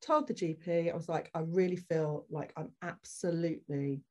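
A woman's voice: deep voice, normal speed. A woman guest on a podcast, telling a personal story candidly and acting out the people in it. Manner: animated, acts out the people in her story.

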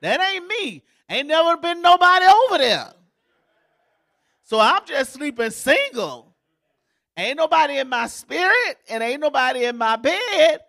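A woman's voice: high-pitched, very animated, unhurried, a bit bright. A woman pastor giving a sermon in a folksy, joking, conversational way, as if in a church.

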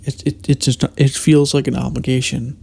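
Male podcast host, deep fry in the voice, soft warm tone, musing solo talk full of restarts. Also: little pitch movement, normal speed. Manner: meandering, many restarts and hesitations. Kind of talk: reflective solo monologue.

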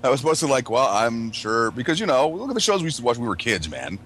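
A man's voice: mid-range voice, wildly swooping pitch, very fast, a bit bright, slight background noise. A man telling profane, laughing stories in a casual chat among friends. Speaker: podcast regular.

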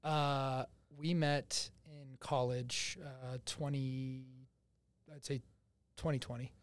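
A man's voice: medium pitch, level tone, slow, no room sound. Confident, laughing young man guest. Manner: laughs often, confident storytelling. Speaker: podcast guest. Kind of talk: casual chat. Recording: dry close studio sound.

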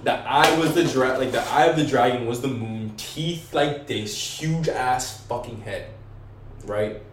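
A man's voice: medium pitch, measured pace, distant mic. Slangy young man in an echoey room. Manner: slangy and profane, lots of "bro" and "like"; excitable, acts out voices and screams. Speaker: podcast guest. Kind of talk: casual storytelling. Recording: echoey room, away from mic, faint hiss.

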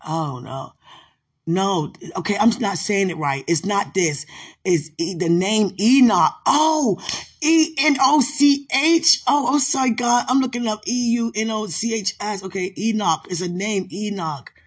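A woman's voice: mid-range voice, unhurried, slightly rough. A woman leading an emotional live prayer session, often tearful, sighing and laughing as she prays and calls her listener sweetheart. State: crying.

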